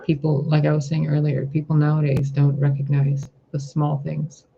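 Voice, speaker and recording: A man giving a spiritual tarot reading, talking in a gentle, reflective way and asking rhetorical questions. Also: on the high side, completely flat delivery, normal speed, gravelly, muffled recording, a little hiss or hum. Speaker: tarot reader.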